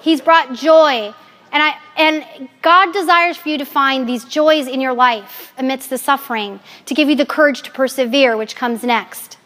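High-voiced, candid woman giving a faith talk. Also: moderate pace. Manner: candid, animated, joking. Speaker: Catholic speaker. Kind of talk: personal faith talk to an audience.

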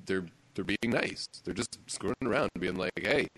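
A man hosting a casual chat, relaxed and joking, quick to laugh along. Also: deep voice, no room sound.

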